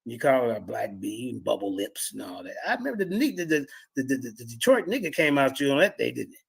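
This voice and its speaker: A man hosts a show, tearing into a guest with loud, mocking commentary. His voice is gravelly and husky, and it leaps all over the place as he shouts in disbelief. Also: medium pitch, big pitch swings, fast. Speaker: show host.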